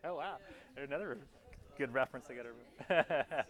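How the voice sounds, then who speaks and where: A man's voice: mid-range voice, normal speed, a bit bright. Casual, chatty male anatomy lecturer. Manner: casual and chatty, often restarts mid-phrase; points out parts on slides as he talks. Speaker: anatomy instructor. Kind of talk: classroom lecture.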